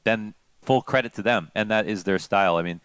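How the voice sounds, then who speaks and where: A man giving relaxed, explanatory color commentary on a competitive shooter match. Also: lowish voice, a little fast, clear, resonant tone, no echo. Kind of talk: esports analysis commentary.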